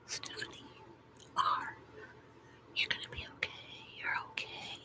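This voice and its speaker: A woman performing a whispered role-play as a gentle comforter, softly repeating reassurances over and over. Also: measured pace. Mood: soothing. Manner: repetitive, hushed reassurance. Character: gentle woman soothing a crying friend.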